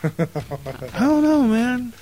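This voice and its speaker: High-voiced swearing podcast co-host man. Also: drawn-out words. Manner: profane, animated storytelling. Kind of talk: casual chat.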